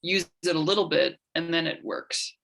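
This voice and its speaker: A woman's voice: low-pitched, fairly even intonation, moderate pace, gravelly, fairly bright tone. A woman workshop participant thinking aloud as she asks a question, hesitant and restarting while she searches for her words.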